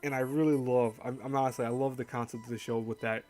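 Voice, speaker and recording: A man's voice: medium pitch, flat delivery, fast talker, darkish tone. A man hosting an anime countdown in casual chat, rambling and correcting himself as he goes. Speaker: host. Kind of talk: casual anime list commentary.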